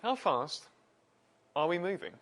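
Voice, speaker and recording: A man's voice: high-pitched, big pitch swings, a little slow, a bit bright. A man presenting a science livestream on a wireless mic, chatting casually, self-deprecating and laughing often. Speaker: presenter and physicist.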